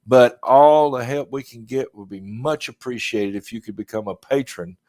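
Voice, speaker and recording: A man's voice: medium pitch, normal speed, a little mellow, dry recording, studio quality. A man in his fifties with a Southern US accent, hosting a podcast in a rambling, laid-back way and chuckling often. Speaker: podcast host. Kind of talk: casual chat.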